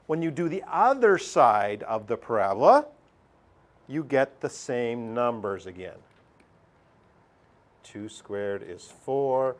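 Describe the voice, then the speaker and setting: A man's voice: fairly high pitch, fairly bright tone. A middle-aged man teaching a math lesson over a screen recording, chatty, thinking aloud and putting questions to himself.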